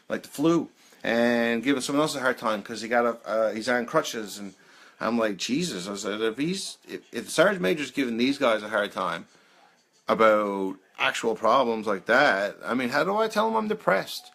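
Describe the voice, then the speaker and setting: A man's voice: mid-range voice, fairly bright tone. A man in his thirties hosting a peer support live chat, telling rambling personal stories with frequent laughs and lots of "man". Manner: rambling, laughs often, says "man" a lot. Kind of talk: casual storytelling on a live video.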